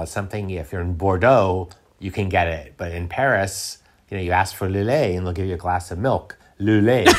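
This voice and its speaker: Man, middle-aged, low pitch, casual interview talk, rambling with restarts. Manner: rambling, many restarts and fillers, laughs often. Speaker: guest, food writer.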